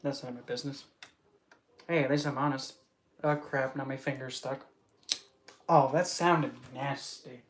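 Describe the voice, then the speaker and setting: A streamer rambling loosely through a casual livestream chat, often giggling and breaking into exclamations. They talk back to viewers with teasing pet names, in a voice of middling pitch. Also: steady tone, moderate pace, pauses often, a little hiss or hum. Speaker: streamer hosting an open chat.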